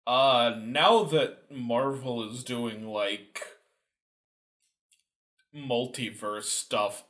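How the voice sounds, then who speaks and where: A man hosting a podcast in a casual chat, hesitant and self-correcting. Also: mid-range voice. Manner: relaxed, hesitant, many fillers, self-correcting. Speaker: podcast host.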